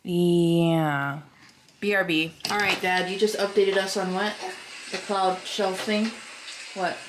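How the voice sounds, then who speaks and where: Filmed on a handheld camera, this home vlog features a young woman whose fairly low, steady voice moves at a slow pace over a noisy background. She chats and thinks out loud while working around the house, going through different rooms. At times she sounds short of breath.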